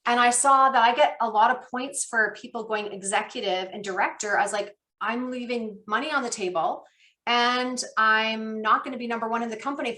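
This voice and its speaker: A woman trainer on a team call, talking with an excited, animated storytelling manner. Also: fairly high pitch. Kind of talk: enthusiastic coaching chat.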